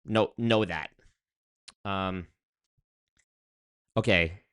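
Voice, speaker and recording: A young man with a lowish voice talks casually to his livestream audience. He rambles through viewer comments, restarting sentences and leaning on fillers as he goes. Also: very slow, a bit bright, smooth, no echo, studio quality. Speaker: streamer reading chat.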